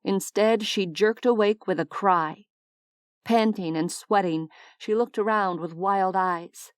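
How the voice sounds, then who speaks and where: A woman reading a novel aloud as an audiobook narrator, steady and expressive. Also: medium pitch, slow, clear, resonant tone, no room sound, clean studio sound. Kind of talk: scripted narration.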